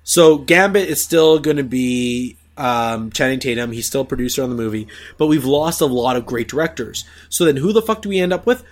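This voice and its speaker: A man's voice: medium pitch, brisk, hardly any pauses. Opinionated man ranting about movies. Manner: swears freely, animated opinions, quotes others in voices. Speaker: podcast host. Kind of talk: casual chat about movies.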